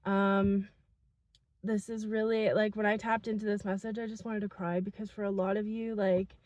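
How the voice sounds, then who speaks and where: An earnest young woman channels a heartfelt spiritual message to her viewers, soft-spoken and full of fillers. Her pitch stays fairly even, and the sound is dry and close. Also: normal speed, dry recording. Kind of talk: intuitive message reading to viewers.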